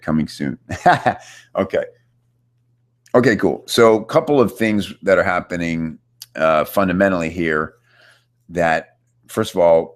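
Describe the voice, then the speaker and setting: A man with a remarkably deep, low voice hosts a live online coaching chat. He talks in a loose, upbeat way, full of fillers, and speaks to viewers from his computer. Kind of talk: casual coaching chat, reading viewer questions. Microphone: computer setup with screen share.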